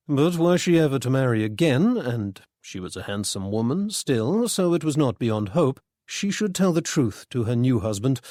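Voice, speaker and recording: A male audiobook narrator with a middling pitch, reading in a measured, even way. The recording is close and dry, with no room sound. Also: dry recording. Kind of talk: scripted storybook narration.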